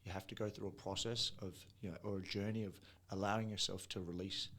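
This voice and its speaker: A man's voice: deep voice, fairly even intonation, fast, a bit bright. A man on a casual podcast, supportive and summing up key points. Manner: supportive, summarizing. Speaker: podcast co-host.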